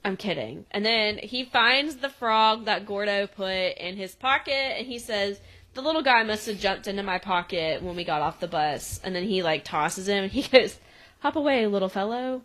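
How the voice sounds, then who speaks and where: A young adult woman recaps a show episode on a podcast in a loose, chatty way. She laughs often and throws herself into quoting the characters. Her voice sits at an everyday middle pitch. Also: normal speed. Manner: animated, laughs often, acts out quoted lines. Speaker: podcast co-host. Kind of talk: casual recap chat, acting out quotes.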